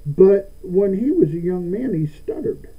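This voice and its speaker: A man's voice: high voice, expressive, a little slow, slightly rough. A man preaching a sermon as pastor, often stammering and repeating words, building to emphatic declarations. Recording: tinny phone-like sound.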